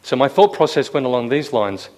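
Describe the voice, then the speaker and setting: Animated and fairly quick, a man with a medium-pitched, darkish voice gives a sermon to a live room audience. It's a relaxed, conversational delivery, full of questions for the listeners and quoted lines performed with a raised voice.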